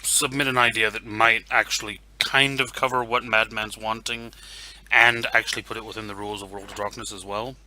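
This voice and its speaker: A man playing in a tabletop role-playing game, halting and restarting as he explains his ideas. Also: lowish voice, flat delivery, pushed and bright, a little hiss or hum, low-quality recording. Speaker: player. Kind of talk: casual tabletop game talk.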